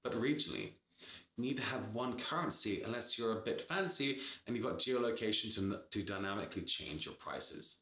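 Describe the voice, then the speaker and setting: A man's voice: lowish voice, lively intonation, fairly quick, bright, forceful tone, reverberant. A man giving blunt, sarcastic startup advice in a casual talk to camera, swearing freely. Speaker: startup advisor.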